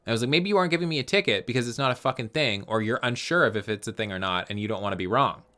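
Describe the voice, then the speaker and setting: Bright, clear-voiced young man telling stories. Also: medium pitch, rapid-fire. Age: 20s. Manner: animated storytelling, swears freely. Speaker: podcast co-host. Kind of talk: casual chat.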